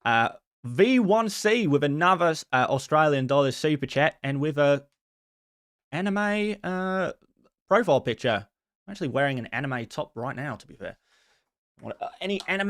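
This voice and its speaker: A man hosting a casual live stream in a friendly, quick way, reading out viewer messages and answering each one. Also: fairly high pitch, animated, fairly bright tone, no room sound, studio quality. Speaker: host answering viewer questions.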